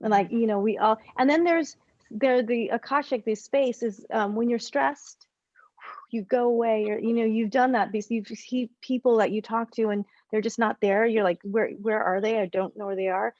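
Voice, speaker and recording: Over a video call, a woman relationship coach runs a group session, working through ideas in loose, animated, rambling bursts and fixing herself mid-sentence. Her voice is a little high and her pace moderate. The audio is a little dull and dry, without room sound.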